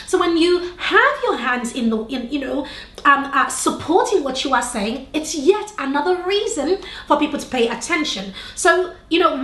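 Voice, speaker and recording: A woman's voice: high-pitched, a bit bright, echoey room. A young adult woman teaching on-camera tips to the viewer, shifting her tone and pace on purpose and checking in with questions. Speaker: video presentation coach. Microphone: camera facing speaker.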